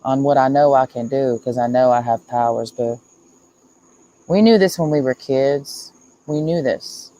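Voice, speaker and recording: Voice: mid-range voice, measured pace, dark tone, slight background noise, rough recording. A streamer talking in a casual livestream monologue, earnest and repetitive, speaking emphatically and confessionally.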